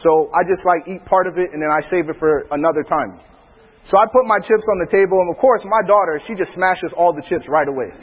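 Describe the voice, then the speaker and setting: A man who is a preacher, telling funny family stories in a laughing, animated way. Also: high-pitched, quick pace, slightly rough, big-room sound, lo-fi sound. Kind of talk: storytelling in casual talk.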